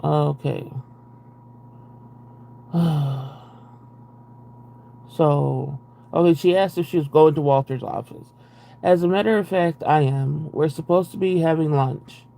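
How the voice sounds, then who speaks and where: A man's voice: a little high, slow, vocal fry, pauses often, dark tone. A young man on a live stream reading a book aloud and breaking off into profane, exasperated, sarcastic commentary. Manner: profane, exasperated, sarcastic asides between read passages.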